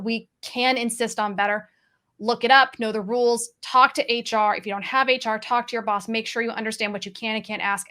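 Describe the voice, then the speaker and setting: A woman sales coach on a panel, giving direct, practical advice in brisk lists. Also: on the high side, fairly bright tone. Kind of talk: panel discussion.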